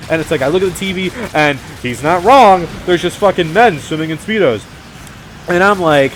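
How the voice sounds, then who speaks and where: A young man giving casual, rambling commentary over a game, animated and full of swearing. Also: a little high, moderate pace, over music. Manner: rambling, profane, animated storytelling. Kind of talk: casual let's-play commentary.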